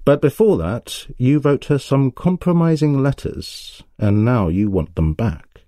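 A man doing a calm, shrewd detective. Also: medium pitch, no room sound, clean studio sound, pitched above the performer's own voice, lightly acted. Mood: measured. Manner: calm, measured, courteous.

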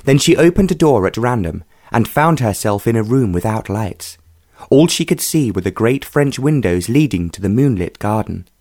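Brief: male audiobook narrator, measured and even, dry close recording. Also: medium pitch, no echo.

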